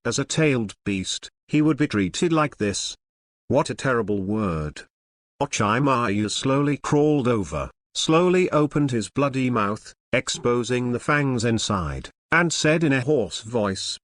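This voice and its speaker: A male narrator reading a fantasy novel aloud, mid-pitched with animated, swinging inflection. The sound is close and dry, with no room around the voice. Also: a little slow, dry recording. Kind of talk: scripted narration of a translated novel.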